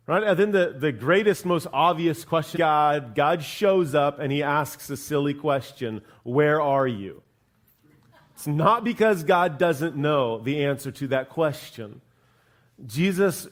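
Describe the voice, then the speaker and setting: Man, pastor, sermon, slightly high voice, chatty, repeats himself, church sanctuary. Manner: conversational, repeats "right?" and starts words twice.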